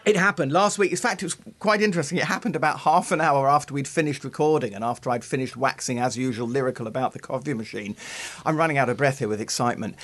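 A man's voice: medium pitch, fast talker, fairly bright tone, soft background music. A man co-hosting a casual podcast chat, theatrical and giggly, addressing listeners grandly. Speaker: podcast co-host.

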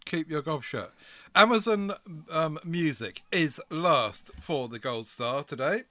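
A man's voice: on the high side, lively intonation, measured pace, a bit bright, no echo. A man co-hosting a podcast, chatting in a jokey, rambling way with plenty of fillers. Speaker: podcast co-host. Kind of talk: casual podcast chat.

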